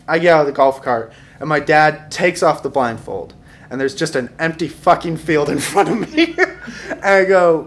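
Wry young man telling a comic story. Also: fairly high pitch. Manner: wry, self-mocking, chuckles through his lines. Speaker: storyteller at a live show.

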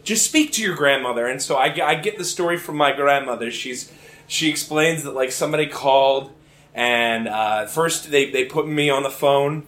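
A young man from Virginia telling a rambling, animated comic story live. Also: medium pitch, moderate pace. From Richmond, Virginia, US. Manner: animated, rambling, self-amused. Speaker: comedic storyteller. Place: theater lounge. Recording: roomy theater lounge.

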